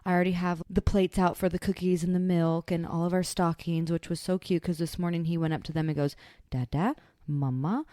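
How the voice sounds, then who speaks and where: A woman's voice: fairly low pitch, quick pace, hardly any pauses, clear, resonant tone, dry recording, clean studio sound. A young woman co-hosting a podcast, telling a story in casual chat and acting out what people said. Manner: animated storyteller, acts out quotes. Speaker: podcast co-host.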